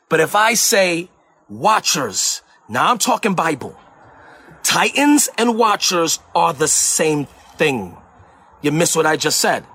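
Emphatic husky high-voiced male preacher. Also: sharp tone, no echo. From Puerto Rico. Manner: emphatic, repeats phrases for emphasis. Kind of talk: sermon-style teaching.

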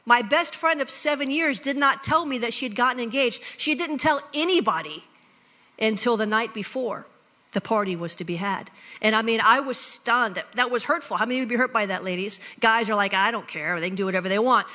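A middle-aged woman pastor tells a personal story from the pulpit, slipping into the voices of both sides of a conversation. Her voice is high and bright. The sound carries a long reverb from a large hall. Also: fairly quick. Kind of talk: sermon storytelling.

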